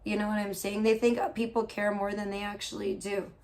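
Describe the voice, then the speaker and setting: A woman's voice: mid-range voice, little pitch movement, a little fast, darkish tone. Foul-mouthed woman ranting on stream. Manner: profane, gossipy, venting about other streamers. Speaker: livestreamer. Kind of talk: casual livestream rant.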